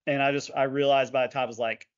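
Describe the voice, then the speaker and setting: A man co-hosting a podcast, telling a lively race story in casual chat and laughing along. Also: medium pitch, quick pace, clear, resonant tone. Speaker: podcast co-host. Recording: dull lo-fi podcast audio.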